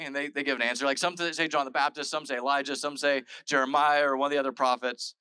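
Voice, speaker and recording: A man's voice: fairly high pitch, fairly even intonation, fast, pushed and bright, smooth, no room sound, poor audio. A male pastor giving a casual, conversational sermon, retelling scripture in everyday modern speech with lots of "like" and "all right". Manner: chatty and informal, full of "like" and "all right".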